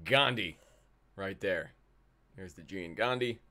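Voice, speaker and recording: A man's voice: low-pitched, unhurried, sharp tone. A man hosting a live trivia game in a casual, jokey, rambling way, often repeating himself.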